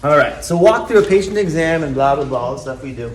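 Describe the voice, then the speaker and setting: High-voiced male chiropractor in an echoey room. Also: animated. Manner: quizzes the audience with quick questions. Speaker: chiropractor teaching a seminar. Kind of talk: live seminar talk to a group. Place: seminar room. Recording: very echoey room, from far off, faint noise.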